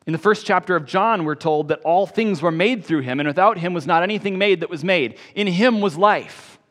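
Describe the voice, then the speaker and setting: Emphatic preacher in a reverberant church. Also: male voice, high voice, a little fast. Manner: emphatic, swelling on key phrases then dropping soft. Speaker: pastor. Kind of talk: sermon.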